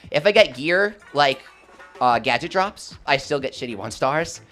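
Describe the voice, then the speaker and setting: A young man commentating live gameplay and chatting with his viewers, swinging between hype and quick explanations. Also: fairly high pitch, expressive, a bit bright, soft background music. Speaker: gaming streamer.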